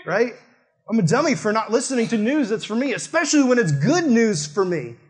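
A man's voice: very high voice, big pitch swings, a little fast. A man preaching a sermon in a conversational, emphatic way, speaking straight to his listeners.

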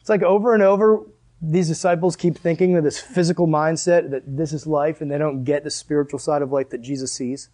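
A man preaching a sermon in a casual, animated way, full of "like" and asides. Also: a little high, fairly quick. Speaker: pastor.

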